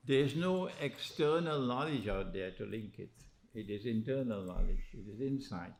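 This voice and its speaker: A man giving an animated religious lecture as an Islamic lecturer. He poses rhetorical questions and prods his listeners with "huh?". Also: medium pitch, moderate pace.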